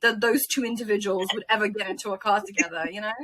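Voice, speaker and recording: Young woman from ukraine, guest on an interview, bright sharp voice, emotional lively storytelling. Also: mid-range voice. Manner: animated, emotional retelling with quick laughs.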